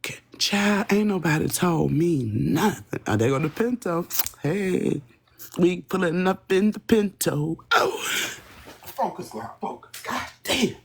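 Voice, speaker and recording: Husky, rambling woman chatting on a live stream. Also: on the low side, lively intonation, a little slow. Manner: profane, rambling, talks straight to her chat. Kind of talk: casual live-stream chat with viewers.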